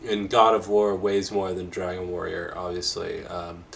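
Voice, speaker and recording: Low-voiced man chatting casually about games. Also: completely flat delivery, normal speed, gravelly, a bit bright, slight background noise. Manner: rambling, hesitant, many fillers and self-corrections. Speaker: podcast co-host.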